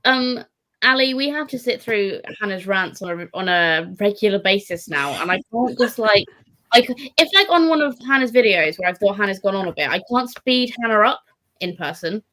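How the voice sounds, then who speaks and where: A woman's voice: mid-range voice, lively intonation, moderate pace, sharp tone, rough recording. A young adult woman co-hosting a casual book chat, teasing her friend playfully. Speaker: book channel co-host.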